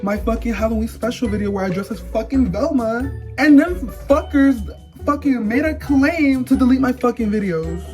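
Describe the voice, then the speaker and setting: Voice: mid-range voice, expressive, moderate pace. A foul-mouthed host rants and swears nonstop, with a mid-range voice. Music plays behind the talk. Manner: loud, ranting, constant swearing. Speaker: reaction video host. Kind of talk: profane casual reaction commentary.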